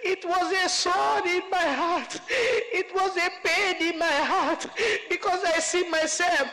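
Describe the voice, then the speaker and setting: A woman's voice: extremely high pitch, measured pace, sharp tone, in a large hall, rough recording. A woman giving an emotional religious testimony, fervent and pleading, at times close to tears. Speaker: testifying speaker.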